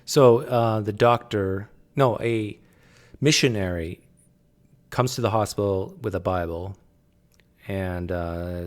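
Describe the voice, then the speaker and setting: Lower-voiced man musing in casual commentary. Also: slow, long pauses. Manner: thinking aloud, with many fillers and restarts. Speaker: video commentator.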